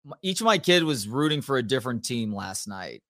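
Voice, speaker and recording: A man's voice: mid-range voice, brisk, dry recording. Dry-voiced man telling family stories. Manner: storytelling, animated retelling of family anecdotes. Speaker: podcast co-host. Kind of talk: casual sports talk.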